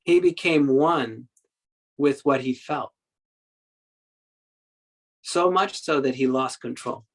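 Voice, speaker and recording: Male meditation teacher at a dharma talk, mid-pitched, halting storyteller who repeats words for emphasis. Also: fairly bright tone, poor audio. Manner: acts out quoted speech in the story.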